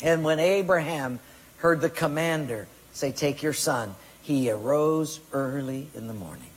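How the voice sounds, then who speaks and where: Husky high-voiced preacher in a reverberant hall. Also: male voice, lively intonation, measured pace. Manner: emphatic preaching, acts out quoted excuses and commands. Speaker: pastor. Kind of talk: sermon.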